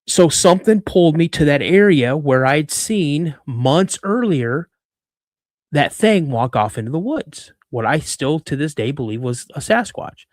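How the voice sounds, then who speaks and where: A fifties man from Washington State tells a story from his youth to a podcast host, acting out the voices as he goes. His voice sits a bit high for a man. He restarts his sentences often, and the recording is dry and close. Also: lively intonation, a little slow, dry recording. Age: 50s. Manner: repeats words and restarts mid-sentence. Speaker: guest, cryptid researcher. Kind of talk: personal storytelling in a podcast interview.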